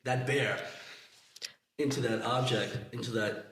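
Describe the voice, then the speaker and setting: A man explaining calmly, often checking that the others agree. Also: mid-range voice, a little slow, slight background noise. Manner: explaining, calm, asks for agreement. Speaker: podcast co-host. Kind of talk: casual explanatory talk. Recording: echoey room.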